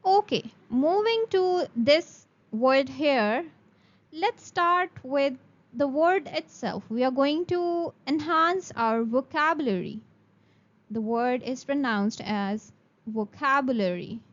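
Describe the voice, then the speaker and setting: A woman's voice: sits high, lively intonation, slow pace, dull audio. A woman teaching a beginner English lesson, speaking carefully and repeating words for practice.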